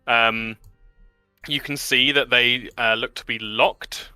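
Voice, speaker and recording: A man narrating a tabletop game as game master, relaxed with many fillers. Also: medium pitch, slow, smooth, no room sound, soft background music.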